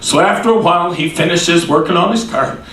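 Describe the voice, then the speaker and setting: High-voiced folksy preacher telling a story. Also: male voice, fairly quick, sharp tone, a little hiss or hum. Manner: folksy, repeats "he said" while acting out quoted voices. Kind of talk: sermon storytelling. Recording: echoey room, distant mic.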